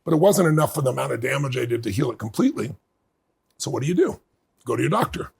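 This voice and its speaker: Gravelly-voiced man in his fifties. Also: mid-range voice, fast. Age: 50s. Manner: animated storyteller acting out quoted dialogue. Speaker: podcast guest. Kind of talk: casual interview storytelling.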